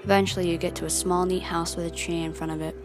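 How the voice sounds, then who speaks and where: A woman's voice: lowish voice, level tone, quick pace. A young woman telling a story in the second person, dramatic and questioning, with music behind.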